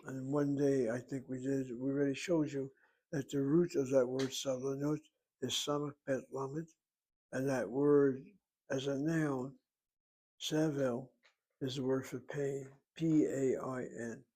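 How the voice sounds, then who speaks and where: A man teaching a language lesson, speaking slowly and deliberately and spelling words out letter by letter. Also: mid-range voice, flat delivery, warm tone, poor audio. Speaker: Hebrew teacher. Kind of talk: lecture.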